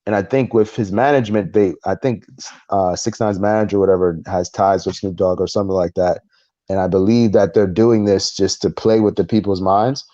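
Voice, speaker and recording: A man co-hosting a casual podcast chat, recounting a story in an animated way and acting out the voices of the people in it. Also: low-pitched, a little fast, dry recording, lo-fi sound. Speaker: podcast co-host.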